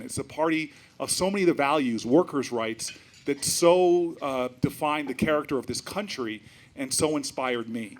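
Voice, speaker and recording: A middle-aged man from New Jersey, a politician speaking to a live festival audience, emphatic and rhetorical, telling stories with frequent restarts and fillers. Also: mid-range voice. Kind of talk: animated speech with storytelling. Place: event stage before a live audience.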